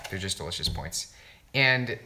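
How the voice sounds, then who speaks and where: A young man chatting on a livestream while unboxing gifts, hyped and swearing, bursting into loud exclamations. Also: mid-range voice, moderate pace, reverberant, faint music behind. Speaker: YouTube creator livestreaming an unboxing. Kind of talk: excited livestream unboxing chat.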